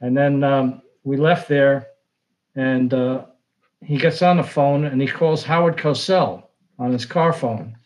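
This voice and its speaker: A man's voice: mid-range voice, measured pace, darkish tone, rough recording. Older man telling stories. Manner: anecdotal, rambling with fillers and restarts. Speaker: sportswriter guest. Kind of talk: casual storytelling.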